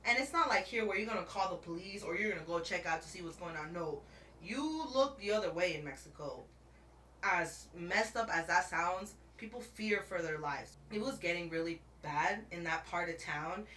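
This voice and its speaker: A woman's voice: lowish voice, animated, moderate pace, sharp tone, reverberant, distant mic, a little hiss or hum. A woman vlogger telling a dramatic story in a casual chat, laughing often and calling the viewer bestie while she paints her nails.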